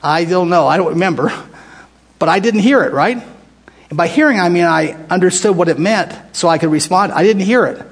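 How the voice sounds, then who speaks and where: His voice is high, husky, and brisk as this older American man teaches the Bible informally to a group. He speaks in a chatty way from the United States, often restarting phrases and asking the group questions.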